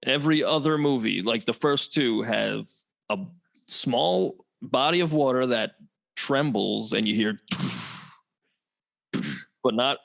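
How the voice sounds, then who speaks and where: A man with a gravelly, fry-laden voice at an ordinary pitch co-hosts a casual movie podcast. He is laid-back, swears freely, and often drops in short agreements. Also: unhurried. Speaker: podcast co-host. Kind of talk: casual chat about a movie.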